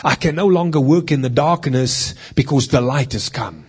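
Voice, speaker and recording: A man's voice: mid-range voice, moderate pace, a little mellow, slightly rough. A middle-aged man, a deliverance minister, giving a teaching sermon in an earnest, conversational way and reading from scripture as he goes.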